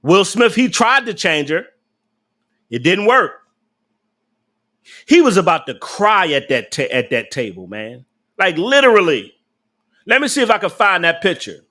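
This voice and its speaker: A man's voice: high voice, very animated, measured pace, long pauses, pushed and bright. A young adult man, casually ranting on a live stream, blunt and profane, laughing often and talking back to his chat.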